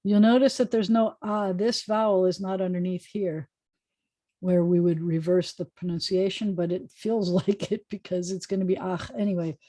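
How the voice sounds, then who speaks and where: A woman rabbi teaching an informal online Hebrew class over a video call, chatty and joking as she sounds out words slowly. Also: fairly low pitch, fairly even intonation, mellow, no echo.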